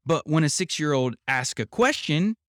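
Calm man explaining, dry close sound. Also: on the high side, no room sound. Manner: calm, reflective, measured. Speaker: podcast host. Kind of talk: explanatory podcast talk. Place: home.

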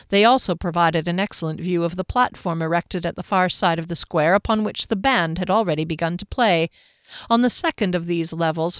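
A woman narrating a fantasy story aloud in a steady, even storytelling manner. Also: lowish voice, clean tone, no echo, studio quality. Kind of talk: audiobook narration.

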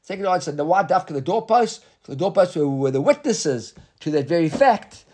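A man's voice: high voice, animated, normal speed, darkish tone. A man giving a Talmud lesson, reading Hebrew and Aramaic phrases and explaining them in English, often checking in with "right?". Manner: rhetorical questions, repeated "right?". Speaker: Talmud teacher.

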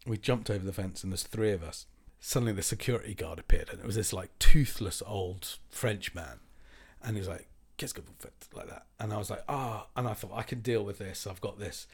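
Lowish-voiced guy on a podcast, telling a story, doing the voices of people in it. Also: fairly quick, gravelly, breathy edge. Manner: animated anecdote teller, acts out quotes. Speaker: podcast co-host. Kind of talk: casual chat, storytelling.

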